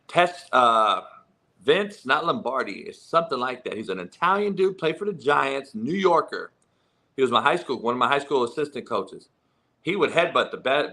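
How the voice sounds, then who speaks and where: Brash profane man, bright voice. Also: medium pitch. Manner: blunt, swears freely, laughs often. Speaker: football coach and podcast host. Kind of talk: profane casual sports talk.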